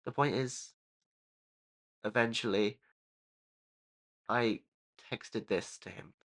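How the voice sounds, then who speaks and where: A young man in his late teens telling a personal story in a video, hesitant and apologetic, with halting restarts. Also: lowish voice, a bit bright. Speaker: YouTuber.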